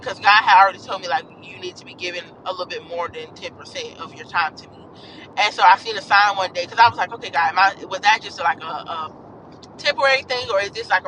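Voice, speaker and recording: A woman's voice: mid-range voice, bright, forceful tone, a little hiss or hum, poor audio. A woman vlogger sharing an earnest, encouraging faith message in a rambling, casual way while riding in a car. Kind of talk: casual devotional talk to viewers. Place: in a moving car.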